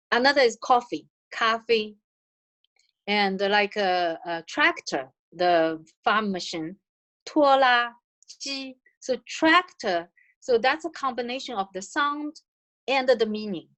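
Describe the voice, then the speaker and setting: A woman's voice: medium pitch, fairly bright tone. Chinese woman teaching her language. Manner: patient, demonstrates counting and tongue twisters slowly. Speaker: language presenter. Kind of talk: online language lesson. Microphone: video call.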